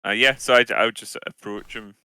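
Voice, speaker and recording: A man's voice: fairly low pitch, steady tone, brisk, bright, forceful tone, clear, resonant tone, no echo. A man playing a tabletop game, speaking hesitantly and searching for words in character. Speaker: player.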